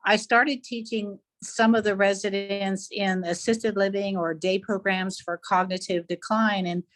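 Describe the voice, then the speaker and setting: A woman art teacher chats casually over a video call, often pausing to search for words and using many fillers, so her speech comes out halting. Her voice is mid-range, steady and a bit bright.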